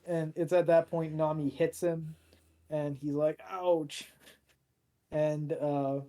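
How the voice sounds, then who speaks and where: A man's voice: on the high side, completely flat delivery, unhurried, warm tone. A man co-hosting a podcast, recapping an episode in a loose, rambling way with lots of fillers and restarts. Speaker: podcast co-host.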